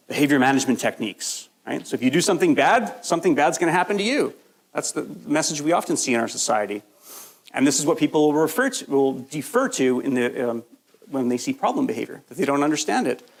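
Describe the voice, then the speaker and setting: Animated and quick-paced, a man with a medium-pitched voice lectures live to a workshop audience as its presenter. Though recovering from a cold, he stays conversational and jokey, repeatedly checking in with "right?"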